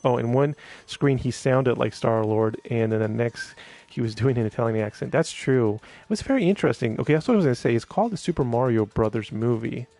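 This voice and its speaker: A man's voice: medium pitch, lively intonation, brisk, gravelly, hardly any pauses, warm tone, dry recording. A man chatting casually on a live stream, rambling with many fillers and restarts while reading viewer comments.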